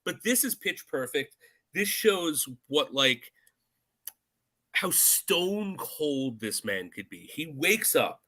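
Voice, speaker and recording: A man's voice: a little high, very animated, slow, pushed and bright. A man co-hosting a podcast, talking casually about a film, laughing often and acting out lines from scenes. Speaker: podcast co-host.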